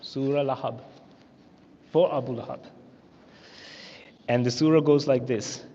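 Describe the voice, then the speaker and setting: An Australian man teaching a religious history class in a mosque, telling the story with animated, acted-out quotes. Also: medium pitch, a little slow, slight background noise. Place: mosque hall. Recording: echoey hall, muffled lo-fi sound.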